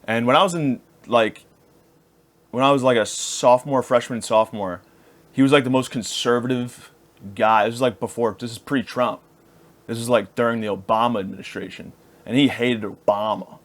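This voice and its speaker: A man in his thirties talks alone into the mic in a middle-pitched voice, wandering from one thought to the next. His podcast patter is crude and self-mocking, with loose asides as he loses his thread. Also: fairly even intonation, normal speed. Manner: rambling, crude and self-deprecating. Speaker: podcast host. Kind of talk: comedic podcast monologue.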